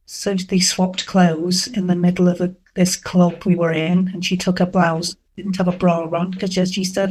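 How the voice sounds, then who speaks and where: A middle-aged woman telling candid dating stories in an interview, animated and acting out what people said. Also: on the low side, moderate pace, few pauses, low-quality recording. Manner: candid, animated, acts out quoted dialogue. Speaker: interview guest. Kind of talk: frank storytelling.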